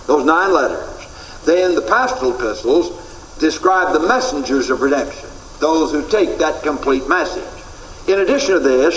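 A man's voice: a little high, slight background noise. A man teaching a classroom Bible lecture in an earnest way, repeating his key points for emphasis. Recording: echoey room recording.

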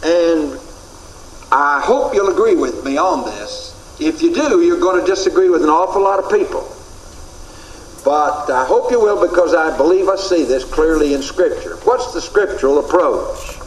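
A man's voice: fairly high pitch, slight background noise. A man teaching a classroom Bible lecture in an earnest way, repeating his key points for emphasis. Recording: echoey room recording.

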